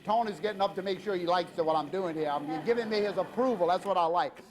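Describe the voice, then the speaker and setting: Jovial high-voiced chef. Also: male voice, quick pace. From Louisiana. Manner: jovial and chatty, jokes with guests and crew, warm banter; loose unscripted delivery with many fillers. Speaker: TV cooking show host and chef. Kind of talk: live cooking demonstration.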